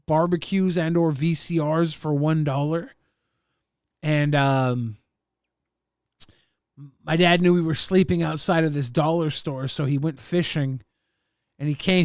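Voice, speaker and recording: A man hosting a livestream, casually reading viewer messages and rambling with plenty of swearing in a deadpan way. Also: fairly high pitch, no echo, studio quality. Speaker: stream host.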